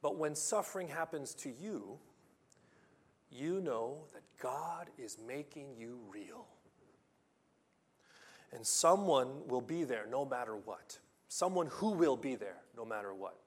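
A man preaching a sermon with passion, reading scripture loudly and restarting his sentences when he gets excited. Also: mid-range voice, slow pace. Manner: impassioned, rising to loud emphatic reading of scripture. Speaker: pastor.

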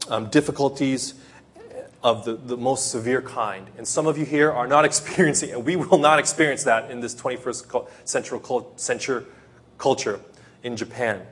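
A man's voice: medium pitch, normal speed, fairly bright tone. A man preaching a sermon in a church in Japan, retelling stories with frequent restarts and self-corrections. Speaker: pastor.

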